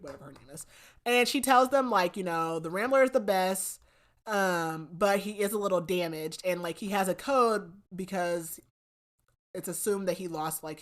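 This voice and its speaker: A young adult woman hosting a podcast, casually retelling a book's plot in an animated way, often saying "like". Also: lowish voice. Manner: animated storytelling, frequent "like", laughs. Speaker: podcast host. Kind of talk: casual book recap.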